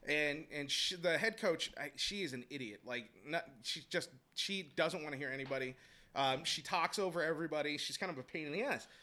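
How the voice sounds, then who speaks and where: A man telling a heated story about coaching basketball, animated and profane, laughing as he goes. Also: fairly high pitch, a little fast. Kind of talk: casual storytelling chat.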